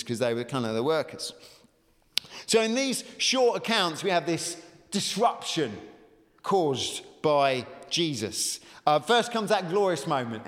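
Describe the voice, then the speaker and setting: A man, a pastor, preaching a chatty, animated sermon full of fillers, with asides to his congregation. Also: a little high, big-room sound.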